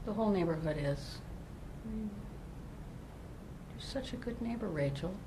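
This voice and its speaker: A woman's voice: lively intonation, moderate pace, close to an everyday voice. An actress playing an older woman neighbor who talks in an emotional, pleading way in a role-played mediation. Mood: distressed. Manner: emotional, high-strung, pleading. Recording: rumbling background noise.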